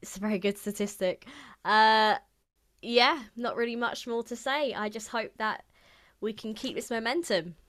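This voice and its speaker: With a fairly high, fairly bright voice at a moderate pace, this young podcast co-host keeps the conversation casual. She comes across as bubbly, laughing frequently and leaning heavily on filler words.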